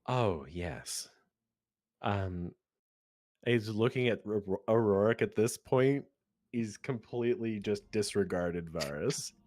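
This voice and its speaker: A man narrating as game master in a tabletop game, casual and halting with lots of fillers. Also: on the low side, animated, a little mellow, no echo.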